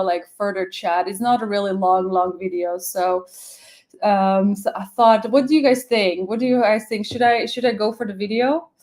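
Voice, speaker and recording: A woman from Slovakia with a Slovak accent chats casually on a live stream. She rambles, greets viewers by name and fills gaps with "um" and "uh". Her voice sits at an ordinary middle pitch. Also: a little mellow.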